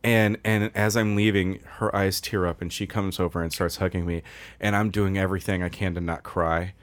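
A man's voice: low voice, little pitch movement, normal speed. A man co-hosting a podcast in casual chat, swearing freely and rambling through personal stories with laughter. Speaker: podcast co-host.

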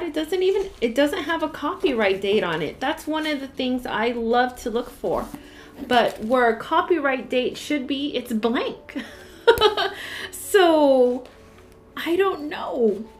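A woman, crying as she shows old Bibles in a casual vlog, emotional and gushing, with frequent sighs. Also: a little high. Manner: emotional, tearful, sighing, gushing with joy. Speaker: Bible study channel host.

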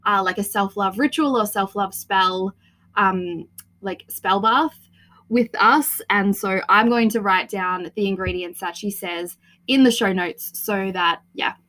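A woman's voice: medium pitch, a bit bright, rough recording. A woman with an Australian accent hosting a podcast, chatty and giggly, rambling between thoughts. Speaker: podcast host. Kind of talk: casual chat.

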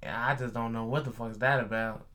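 In a relaxed chat, a young man who drives deliveries recounts a story with lots of energy and profanity, imitating the voices of its characters. He speaks fairly quickly in a mid-range voice.

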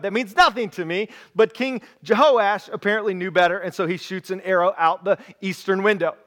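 Animated high-voiced male preacher. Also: brisk, few pauses. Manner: animated storytelling, acts out quoted voices. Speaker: pastor. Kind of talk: sermon.

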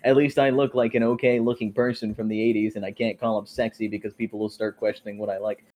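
A man's voice: on the low side, level tone, fast, a little mellow. A man co-hosting a podcast, trading teasing jokes in casual banter. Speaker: podcast co-host. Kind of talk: casual chat.

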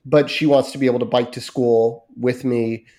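A man's voice: mid-range voice, level tone, normal speed, warm tone. Easygoing man in casual podcast chat. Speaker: podcast co-host.

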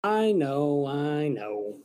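A man's voice: fairly high pitch, very animated, drawn-out words, mellow. A man co-hosting a podcast, chatting casually and rambling, swearing now and then. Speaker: podcast co-host. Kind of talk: casual chat.

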